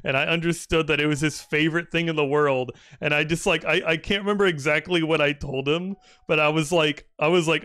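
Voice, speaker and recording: A young man with a slightly high, bright, pushed voice talks fairly quickly, his tone clear and resonant, in a dry, clean studio recording. As he plays a game, he rambles through a story full of restarts and filler words, laughing often at his own tale and swearing now and then, in casual gaming commentary.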